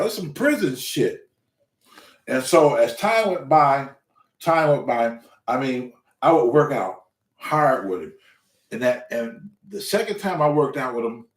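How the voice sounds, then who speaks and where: Guy telling a wild story, voice jumping all over, swearing a lot, echoey room. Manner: animated, profane, acts out quotes with loud pitch jumps. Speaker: show host. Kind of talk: casual storytelling.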